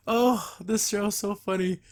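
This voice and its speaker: A man's voice: high-pitched, darkish tone. A man hosting a podcast, giving a casual, rambling episode review full of enthusiasm and frequent laughs. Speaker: podcast host.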